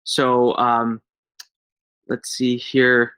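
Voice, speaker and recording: A man's voice: medium pitch, completely flat delivery, drawn-out words, sharp tone, clean tone, dry recording. A man hosting a live webinar, upbeat, reading out audience questions. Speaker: webinar host.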